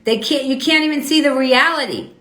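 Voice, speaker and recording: A woman's voice: sits high, fairly quick, a bit bright. A woman hosting a live online talk show, arguing with her viewers in a confrontational, profane, indignant way. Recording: roomy echo.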